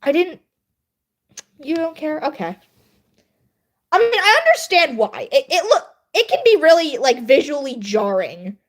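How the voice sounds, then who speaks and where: A woman's voice: high voice, big pitch swings, a little slow, long pauses. A young woman livestreaming, chatting casually and laughing at herself while editing her writing. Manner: self-deprecating, chatty, laughs often. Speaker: livestreamer and writer.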